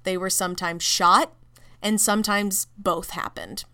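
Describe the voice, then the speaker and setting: A woman podcast host narrating a story in a measured, casual way. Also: medium pitch, steady tone, sharp tone.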